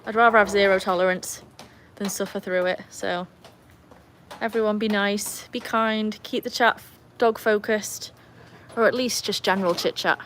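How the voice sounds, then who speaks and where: An English woman hosts a casual live stream from a rainy poolside, chatting on her phone. She greets viewers and playfully scolds her dogs, at a middling pitch with faint noise around her. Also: steady tone, normal speed, fairly bright tone. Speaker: livestream host. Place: outdoors beside a backyard pool in the rain. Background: faint rain and outdoor ambience.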